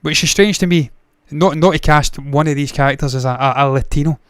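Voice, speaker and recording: Male movie-news host, fairly high voice, smooth and dry; swears freely and rambles off on tangents. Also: brisk, no room sound. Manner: blunt, profane, rambling with tangents. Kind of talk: casual solo commentary.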